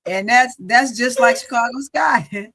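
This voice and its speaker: A woman's voice: fairly high pitch, measured pace, fairly bright tone, slight background noise. A woman co-hosting a casual sports talk show, reading scores and teasing her co-host with frequent laughter. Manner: playful, teasing, laughs often.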